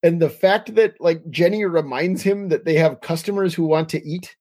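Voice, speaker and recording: A man's voice: a little high, normal speed, a little mellow. A man co-hosting a casual podcast chat, recapping scenes, quoting lines and chuckling often. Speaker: podcast co-host.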